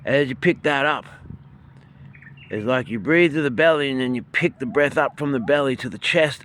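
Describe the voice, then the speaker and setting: An Australian man leading a qigong and breathing lesson outdoors by a bay, filming on a handheld phone, calm and soft-spoken, his voice sometimes trailing off quietly. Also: mid-range voice, moderate pace, slight background noise. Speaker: qigong and meditation instructor. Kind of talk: guided breathing instruction. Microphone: handheld phone, filming himself.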